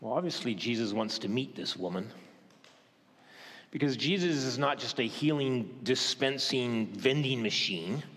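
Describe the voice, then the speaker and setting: Male pastor, mid-pitched, preaching with questions and hushed asides, long church reverb. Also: expressive. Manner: questioning, dramatic pauses, softens to a hush for gentle moments. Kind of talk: sermon.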